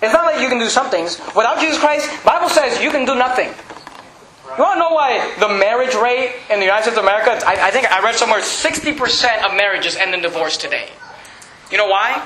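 A male pastor preaching an emphatic, shouting sermon in a church. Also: very high-pitched, expressive, fast, roomy sound, slight background noise, poor audio. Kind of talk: fiery sermon.

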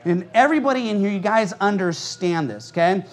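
High-voiced, animated preaching man. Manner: fast, animated delivery, acting out quoted people. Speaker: pastor. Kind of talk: fiery conference sermon with storytelling. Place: church conference hall with audience.

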